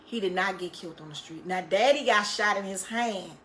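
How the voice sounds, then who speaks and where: Woman, vlogger, casual storytelling, emotional, drops her voice low, swears freely, faint background hiss. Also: brisk, a bit bright, poor audio.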